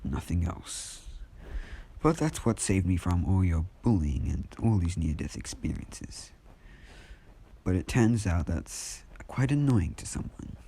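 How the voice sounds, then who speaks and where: A man playing a calm young hero with a low, dark, husky voice, half-whispering as he unveils something menacing. He speaks slowly and quietly, in a homemade fan storytelling style. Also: full character voice. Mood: calm menace.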